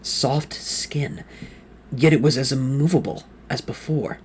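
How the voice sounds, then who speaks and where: A man's voice: mid-range voice, a little slow, slightly rough. A man reading a novel aloud in the first person with dramatic intensity, sometimes slipping and correcting himself mid-sentence. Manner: reads with rising intensity, quoted lines shouted or whispered; occasional slips and self-corrections mid-sentence. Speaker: fan reader of a novel.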